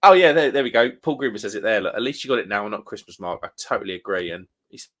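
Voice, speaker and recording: A man's voice: fairly low pitch, animated, racing, a bit bright. A man co-hosting a casual pub live stream, reading out viewer comments and laughing often. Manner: laughs often, reads comments aloud in a bouncy voice.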